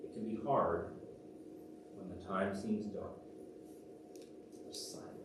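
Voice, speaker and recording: A man preaching a sermon as pastor, telling stories animatedly and dropping from loud to hushed. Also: low-pitched, fairly even intonation, slow, noisy background. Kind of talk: sermon with storytelling. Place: church sanctuary. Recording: very echoey church from a distant mic.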